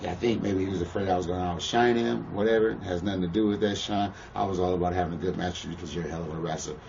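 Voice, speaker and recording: Low-voiced, foul-mouthed man on a muffled, distant mic; good fit for a straight-talking tough guy in a shoot interview. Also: fairly even intonation, racing, creaky, darkish tone, a little hiss or hum. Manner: blunt, profane, keeps asking "you know what I'm saying". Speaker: pro wrestler interviewee. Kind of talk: shoot interview, casual storytelling.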